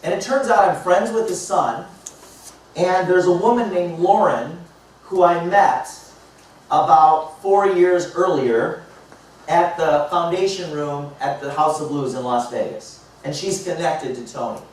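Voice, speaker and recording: A man speaking as a motivational speaker, telling a story to a live audience and acting out the dialogue in a lively way. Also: on the high side, unhurried. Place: large indoor hall. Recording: echoey hall picked up from far off.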